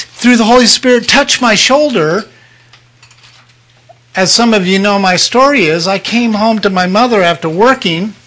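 An older man preaching with a high, bright voice. He tells his testimony with emotion, jumping from loud outbursts to near-whispered moments. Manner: emotional storytelling with sudden loud and hushed turns. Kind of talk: sermon testimony.

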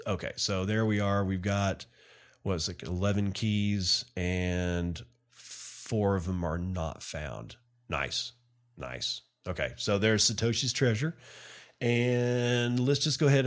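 A man hosting a solo podcast, talking casually and bluntly, ranting and loose with fillers. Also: fairly low pitch. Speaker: podcast host.

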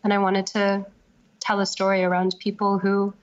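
Speaking in a monotone at normal speed, this woman has a mid-range voice. She's a novelist being interviewed, hesitantly thinking things through in a casual way, with many fillers, captured on slightly dull lo-fi audio.

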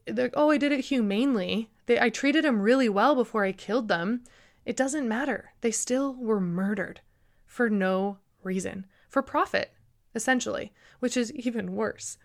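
A woman hosting a solo podcast, talking earnestly and emphatically, with frequent restarts and a slightly emotional edge. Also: medium pitch. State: a little emotional. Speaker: podcast host. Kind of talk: casual solo podcast monologue.

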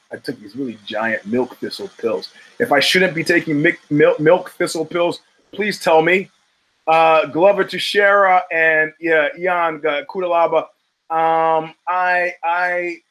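This is a man in his fifties from the United States who hosts a podcast, here ranting profanely and digressively about fight outcomes. His voice sits on the high side with a slightly bright tone, and the audio is poor.

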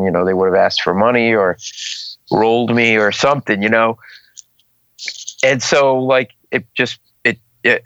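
A man's voice: sits low, clear, resonant tone, no echo. A middle-aged man from Rhode Island, a comedian telling stories in an interview and acting out the people in them. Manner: animated, acts out voices of people in his stories. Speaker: comedian guest. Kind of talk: casual storytelling interview. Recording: dull, slightly muffled podcast audio.

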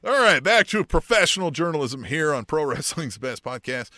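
A man's voice: on the high side, big pitch swings, normal speed, sharp tone, dry recording, clean studio sound. A man co-hosting a casual wrestling podcast, reading out wrestling history with jokey, playful asides. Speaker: podcast co-host.

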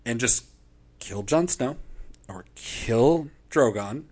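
A man with a mid-range voice talks slowly, casually recapping a TV episode as a podcast co-host. He's animated and profane, acting out lines in funny voices.

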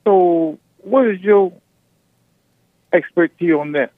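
High-voiced male caller on a tinny phone line. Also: slow pace, no echo. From California. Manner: argumentative, repeats himself. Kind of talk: phone-in conversation.

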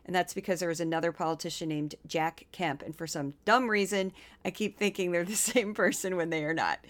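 Podcast host lady from missouri, smooth voice, chatty and playful, then reads a script. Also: lowish voice, fairly bright tone. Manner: chatty, quick asides, playful impressions. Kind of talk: casual podcast commentary and scripted narration.

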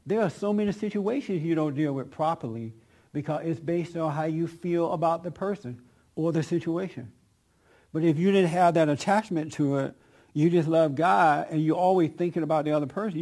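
A man leads a group discussion as a preacher, in a fairly high voice. He talks in an emphatic, conversational way and laughs often between points. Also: a little mellow. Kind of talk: conversational sermon with audience questions.

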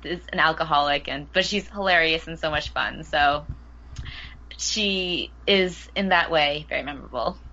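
Bright-voiced woman on muffled audio. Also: deep voice, normal speed. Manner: upbeat, frequent "like". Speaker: podcast panelist. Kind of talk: casual chat.

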